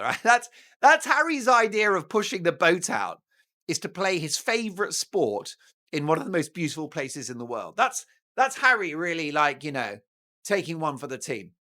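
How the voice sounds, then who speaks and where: A man's voice: fairly high pitch, sing-song, normal speed, bright, forceful tone. A British man hosting a talk show, giving mocking, sarcastic news commentary in a theatrical way. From Britain.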